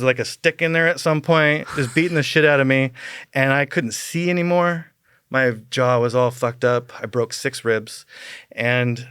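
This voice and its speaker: A man recounting a wild story as a podcast guest, his words piling up with fillers and small laughs. His pitch sits in the middle of the range, and the sound is dry and close, with no room around it. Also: a bit bright, clear, resonant tone, no echo. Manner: rambling, many fillers, chuckles through the tale. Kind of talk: casual storytelling.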